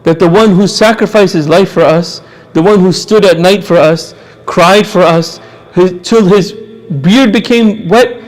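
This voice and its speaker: A man giving an impassioned religious lecture, repeating phrases for emphasis. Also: sits high.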